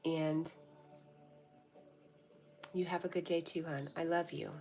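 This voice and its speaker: Low-voiced woman hosting a gentle livestream. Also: flat delivery, takes it slowly, faint music behind. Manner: gentle, affectionate, spiritually encouraging. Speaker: livestream host reading viewer comments. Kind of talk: casual live-stream chat.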